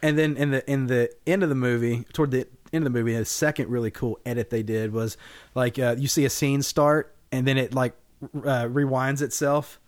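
A man's voice: mid-range voice, fairly quick. A podcast co-host in casual film discussion, rambling and swearing as he acts out scenes. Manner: rambling, profane, animated retellings of scenes.

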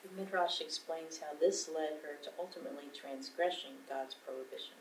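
A man reading a passage aloud at a measured pace. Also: fairly high pitch. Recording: echoey room, far from mic, faint noise.

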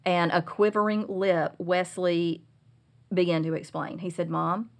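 A middle-aged woman telling a personal parenting story as a guest, earnest and confessional, growing animated when she retells scenes. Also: on the low side, unhurried, vocal fry. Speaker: guest speaker on Christian parenting.

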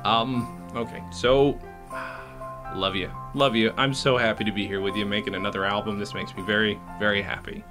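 An actor playing an awkward, patient man confronting his friend, talking in a hesitant, halting, polite way in a comedy sketch. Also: on the low side, fairly even intonation, music in the background, natural voice.

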